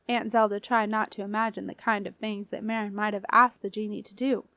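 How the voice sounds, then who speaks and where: A woman reading an audiobook aloud in a measured storytelling way. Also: mid-range voice, flat delivery, fairly bright tone, no echo, studio quality. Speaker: audiobook reader. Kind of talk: scripted audiobook narration.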